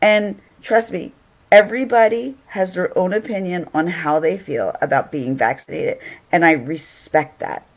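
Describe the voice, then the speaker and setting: A woman's voice: on the low side, measured pace. Chatty woman hosting a livestream. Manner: chatty, greets viewers, laughs often. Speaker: livestream host. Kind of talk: casual livestream chat.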